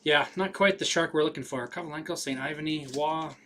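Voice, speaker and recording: A man's voice: on the high side, a little fast, noisy background. A man hosting a live card break, rattling off names with casual running commentary.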